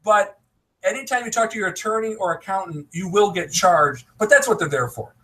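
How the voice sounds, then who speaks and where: An emphatic man from the US talks over a live video call, his voice a little higher than most men's. He hands out advice in a casual, chatty way and laughs often. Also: a little fast, fairly bright tone, low-quality recording. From United States. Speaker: online business promoter.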